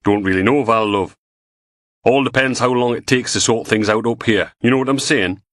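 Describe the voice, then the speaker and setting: A man's voice: medium pitch, moderate pace, fairly bright tone, dry recording, studio quality, pitched above the performer's own voice, lightly acted. A man voicing a coarse, blunt middle-aged police superintendent in an audiobook.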